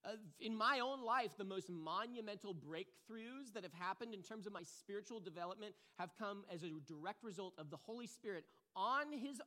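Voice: medium pitch, sharp tone. Chatty pastor giving a casual sermon. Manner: chatty and self-deprecating, often asks "right?"; restarts and fillers like "like" and "um". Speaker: pastor teaching a discipleship series. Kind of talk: conversational sermon.

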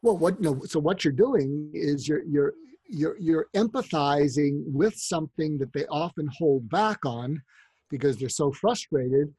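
A man's voice: on the high side, a little slow, breathy edge, no echo. A man who counsels parents, giving advice as anecdotes and acting out the voices in his stories. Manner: animated storyteller, acts out quoted voices.

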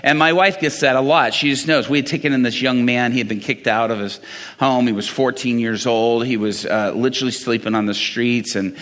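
A man's voice: medium pitch, steady tone, brisk, a bit bright, big-room sound. A middle-aged man preaching a sermon, telling stories animatedly, acting out dialogue and chuckling often. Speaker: pastor. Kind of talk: sermon storytelling.

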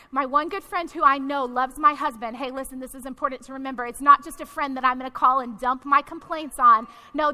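A woman's voice: high voice, bright, forceful tone. A woman pastor preaching a sermon to her congregation in a direct, conversational way. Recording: long hall reverb.

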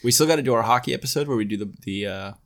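A man's voice: medium pitch, rapid-fire. A man co-hosting a podcast in casual chat, rambling and slipping into silly made-up voices. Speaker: podcast co-host.

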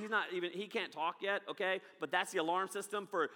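A man in his thirties preaching a sermon with lots of energy, swinging from loud to hushed. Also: high-pitched, fast, few pauses, in a large hall, a faint crowd. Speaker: pastor.

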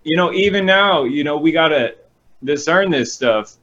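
Male co-host, slightly high voice, animated storyteller, lo-fi sound. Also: moderate pace, crowd noise. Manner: animated, acts out quotes. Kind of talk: casual storytelling.

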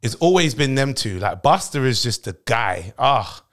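A British man hosting a podcast, chatting casually in a rowdy, high-energy way and laughing often. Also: sing-song, moderate pace, fairly bright tone. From United Kingdom. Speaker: podcast host.

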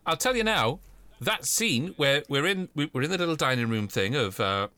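A man's voice: fairly high pitch, lively intonation, normal speed, pushed and bright, no echo. A man co-hosting a comedy podcast about old television, rambling off on tangents and laughing often. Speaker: podcast co-host. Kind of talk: casual comedic chat reviewing old TV.

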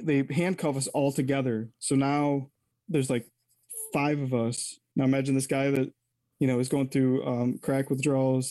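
A man's voice: medium pitch, warm tone, no room sound. A man telling a personal story as an interview guest, candid and rambling, often correcting himself mid-sentence.

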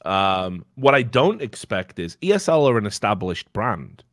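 A man's voice: on the low side, sing-song, a little slow, no room sound, studio quality. A man on a podcast in casual, opinionated chat, ranting bluntly and swearing freely. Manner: blunt and profane, heated ranting. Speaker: podcast host.

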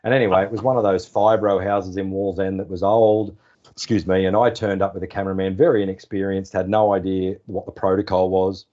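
A very low-voiced Australian man in his forties tells anecdotes in an easygoing, chatty way. His tone is dark and mellow, and he acts out the phone calls he quotes. The podcast audio sounds slightly dull. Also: flat delivery, brisk. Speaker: podcast guest, former sports journalist. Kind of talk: casual storytelling interview.

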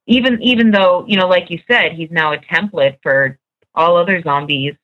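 A woman's voice: lowish voice, normal speed. A woman on a casual podcast panel, talking in a hesitant way with many fillers. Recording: dull lo-fi sound.

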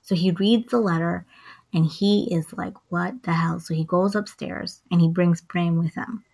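A woman's voice: lowish voice, unhurried, gravelly, breathy edge. A woman in casual chat, retelling a movie plot with lots of acted-out lines. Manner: animated storytelling, acts out lines and hums songs. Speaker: co-host recapping a film.

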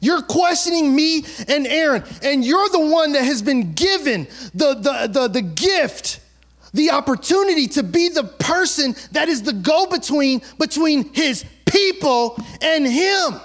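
A man's voice: very high-pitched, animated, unhurried, a bit bright, heavily acted. A man doing a fed-up, exasperated prophet. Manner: weary, complaining, sarcastic.

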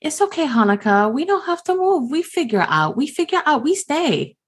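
A woman doing Gim, a sweet high-pitched monster girl. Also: sing-song, normal speed. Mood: comforting. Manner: clipped broken-grammar sentences, doting. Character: cheerful oblivious young monster girl, broken speech.

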